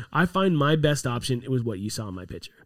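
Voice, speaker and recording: A man who works on props for a TV set, chatting casually and telling profane, animated stories full of acted-out quotes. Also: medium pitch, moderate pace, no echo, studio quality. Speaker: props crew member on a TV set. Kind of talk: casual chat.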